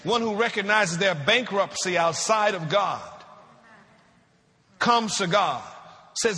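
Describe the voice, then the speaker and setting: A man preaching a sermon, asking the congregation questions and slowing down to draw out scripture verses. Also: high voice, bright, forceful tone, in a large hall. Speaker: pastor.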